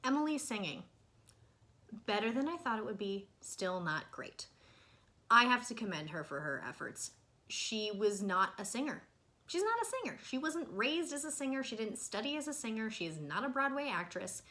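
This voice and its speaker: A young woman reviewing a film to camera in a loose, rambling vlog. Her voice is bright and sits a little high, and she swings from quick exasperated bursts to quieter asides. She sounds like she is chatting with viewers, not reading a script. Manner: animated, exasperated, swings between loud outbursts and soft asides. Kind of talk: casual ranting review.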